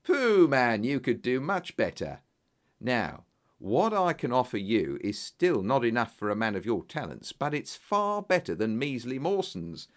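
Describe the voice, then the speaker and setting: A man voicing an eager, effusive businessman in an audiobook, exclamatory and flattering. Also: mid-range voice, measured pace. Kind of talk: audiobook character voice.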